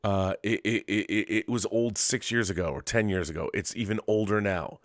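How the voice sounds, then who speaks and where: A man's voice: on the low side, fairly even intonation, normal speed, no echo. A middle-aged man hosting a late-night casual monologue from his home studio, rambling and restarting his sentences. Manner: rambling, restarts often, drops to a murmur with his dog. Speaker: host.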